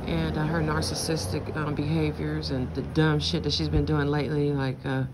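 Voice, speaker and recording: A woman's voice: deep voice, background noise. A middle-aged woman venting in a casual monologue, blunt, profane and rambling. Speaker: vlogger.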